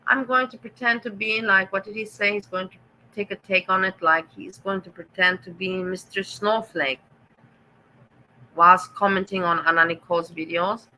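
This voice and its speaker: A woman's voice: medium pitch, fairly even intonation, moderate pace, bright, forceful tone, slight background noise, rough recording. A woman with a German accent hosting a casual livestream, reading the chat and answering viewers with sarcastic teasing.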